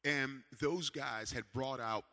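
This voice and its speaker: A man preaching a sermon with a personal story, animated, swinging from loud calls to hushed asides. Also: mid-range voice, slow pace, big-room sound. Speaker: pastor.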